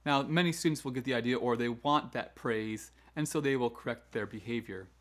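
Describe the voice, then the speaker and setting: A man of medium pitch talks a little fast while hosting a choral education lesson about classroom management. He acts out firm, downward-inflected teacher commands and keeps things conversational, with repeated "right?" asides and restarts.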